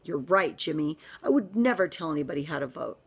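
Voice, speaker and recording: Fired-up woman ranting, lively pitch. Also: brisk, husky. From United States. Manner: fired-up, emphatic, jumps between loud and hushed. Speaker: vlogger. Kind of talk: ranting vlog monologue.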